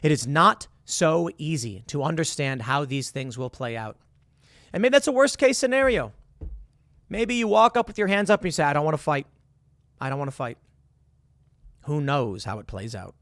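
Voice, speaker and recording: Recorded dry and at studio quality, this man's slightly high voice carries a casual commentary monologue. As a political commentary host, he walks through hypothetical scenarios and rises into emphatic outbursts.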